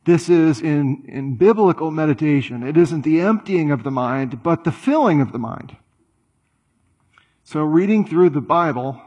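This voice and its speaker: A man preaching a sermon in a conversational, animated way, full of rhetorical questions and playful asides. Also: a little high, slightly rough, dull audio. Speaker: pastor.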